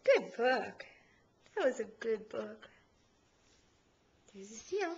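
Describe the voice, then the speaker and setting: An older woman, a grandmother, reading a picture book to a baby in a sing-song, animated way, with playful animal sounds, at home. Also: fairly high pitch, slow, long pauses. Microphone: built-in camcorder mic. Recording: dull lo-fi camcorder sound.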